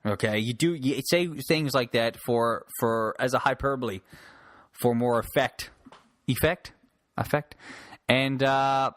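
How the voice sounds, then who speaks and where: A man's voice: medium pitch, a little slow, fairly bright tone, dry recording. A man from Newfoundland, a comic, rambling and swearing through a casual solo podcast. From Newfoundland, Canada. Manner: rambling, profane, joking. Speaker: podcast host and stand-up comic.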